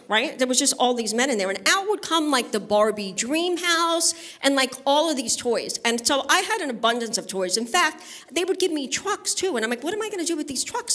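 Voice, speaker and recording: A woman's voice: sits high, sharp tone. A woman from Brooklyn doing a stand-up comedy set on a studio stage, talking conversationally and bantering with the audience. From Brooklyn, New York. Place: live music studio stage.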